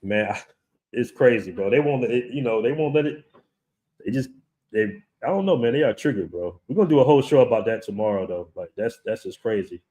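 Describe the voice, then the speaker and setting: A man hosting a live chat show, reading out viewer comments in a relaxed way. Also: mid-range voice, brisk, highs cut off. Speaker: livestream host.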